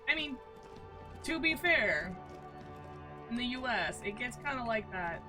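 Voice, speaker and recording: A woman's voice: a little high, very animated, measured pace, music in the background. A woman from the southern United States streaming a game, chatting casually in a rambling way and laughing often.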